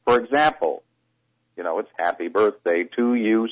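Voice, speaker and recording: A man speaking as a voice coach in a radio interview, his pitch swinging freely as he explains and demonstrates exercises. His expressive, demonstrative delivery comes through a somewhat muffled radio recording. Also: moderate pace. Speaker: voice coach and broadcaster.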